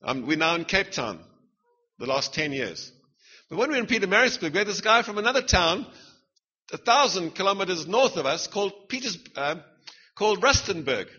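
A man's voice: sits high, big pitch swings, a little fast, sharp tone, husky, highs cut off. A middle-aged man with a South African accent preaching a sermon, punchy and humorous, firing rhetorical questions at the congregation.

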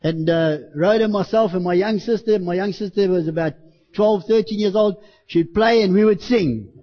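A man with a high voice preaches a sermon to his church, impassioned, rising at times into full shouts. The recording is dull and lo-fi. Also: normal speed. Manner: impassioned, bursts into shouting when acting out street preaching.

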